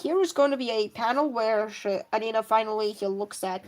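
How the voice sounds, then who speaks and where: Rambling woman, higher voice. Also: a little fast. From Russia. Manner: rambling, self-correcting, frequent coughs. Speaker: comic artist streaming. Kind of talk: casual live-stream chat while drawing.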